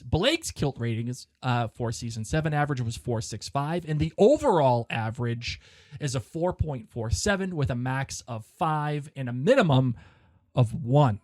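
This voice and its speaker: A man co-hosting a casual podcast, talking excitably with quick restarts. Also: mid-range voice, no room sound, studio quality. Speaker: podcast co-host. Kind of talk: casual chat.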